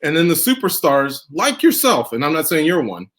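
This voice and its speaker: A man's voice: a little high, very animated, moderate pace, a bit bright. A man hosting a radio show, talking in a loose, rambling, casual way and swearing freely. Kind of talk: casual chat.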